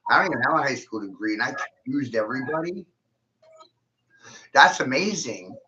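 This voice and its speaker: Bright-voiced man ranting, lo-fi. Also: medium pitch, expressive, fairly quick, a little hiss or hum. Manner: angry, swearing, erratic. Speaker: vlogger. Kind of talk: profane rant to camera.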